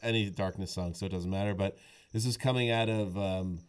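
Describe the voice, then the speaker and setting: A man's voice: deep voice, fairly even intonation, brisk, clean tone. A man in his thirties co-hosting a podcast, teasing his friend and chatting loosely about an album. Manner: playful, swearing, teasing. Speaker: podcast co-host. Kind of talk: casual chat about music.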